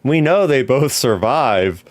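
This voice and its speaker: A man's voice: mid-range voice, expressive, slow, dry recording. A man co-hosting a podcast, talking in an effusive, emotional way with many restarts. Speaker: podcast co-host. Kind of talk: casual podcast discussion.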